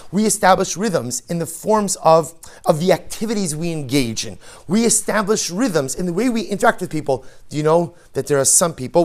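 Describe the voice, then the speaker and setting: A man, a rabbi giving an animated sermon, asking rhetorical questions and weaving in Hebrew phrases. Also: a little high.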